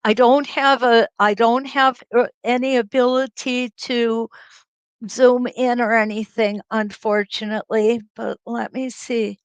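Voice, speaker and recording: A woman's voice: fairly high pitch, steady tone, measured pace, clean tone, no room sound, poor audio. Chatty woman hosting a live quilting stream. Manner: chatty and laughing, greets viewers by name. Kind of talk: casual livestream chat greeting viewers. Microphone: computer webcam mic.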